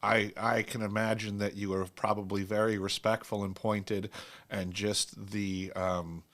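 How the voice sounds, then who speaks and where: A man's voice: fairly low pitch, little pitch movement, a little slow, a bit bright. A man hosting a casual chat, telling long rambling stories and laughing at his own jokes. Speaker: show host. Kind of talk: casual storytelling.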